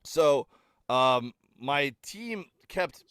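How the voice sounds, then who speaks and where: Middle-aged male comic guest, chatty storyteller, lively pitch, dry close mic. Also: very slow, clean tone, no room sound. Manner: animated storyteller, filler-heavy, acts out quotes. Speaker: comedian guest. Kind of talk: casual podcast storytelling.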